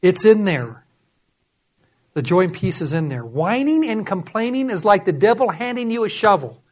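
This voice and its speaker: A man preaching a sermon as pastor, animated and acting out voices as he goes. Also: high-pitched, moderate pace.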